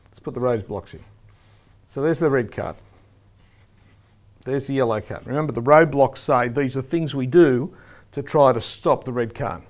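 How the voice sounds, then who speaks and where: A man giving an instructional lecture to referees, speaking emphatically and demonstrating the firm and soft tones a referee should use. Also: mid-range voice, moderate pace, pauses often.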